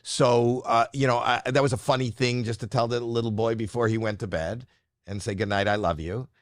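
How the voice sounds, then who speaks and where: Speaking a little fast in a level, mid-range voice, a middle-aged comedian rambles playfully through a casual story on a podcast, frequently interrupting himself. The studio-quality recording has no echo.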